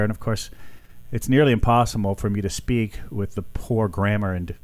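A man's voice: lowish voice, moderate pace, no echo. Indignant talk radio host man. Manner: animated, indignant, addresses listeners as folks. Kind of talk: opinion talk radio commentary.

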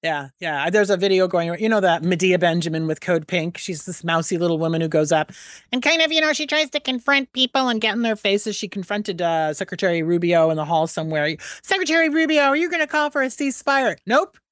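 A woman's voice: fairly low pitch, brisk, no echo. A woman co-hosting a political talk radio show, chatting in a casual, opinionated way with a studio microphone. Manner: chatty and opinionated, with frequent restarts and laughs.

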